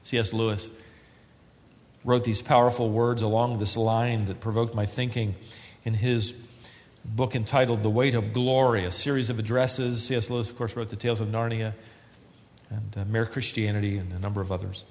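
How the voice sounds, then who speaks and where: A man preaching a sermon as pastor, earnest and building to loud, emphatic climaxes. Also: lowish voice, flat delivery, normal speed. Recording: long reverb of a large hall.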